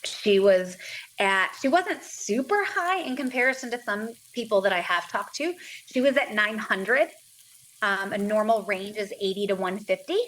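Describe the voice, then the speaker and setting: A woman's voice: medium pitch, expressive, moderate pace, fairly bright tone, rough recording. Earnest woman telling her own story. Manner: earnest, plainspoken storytelling, reenacting dialogue. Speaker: guest, mother of two. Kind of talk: personal story in a podcast interview.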